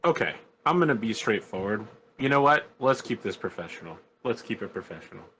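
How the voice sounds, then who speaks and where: A blunt, businesslike male adventurer questions a new recruit, voiced by a man in a tabletop actual play. The voice sits fairly low, with a faint hum underneath. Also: expressive, brisk, a bit bright, rough recording. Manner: straightforward questioning.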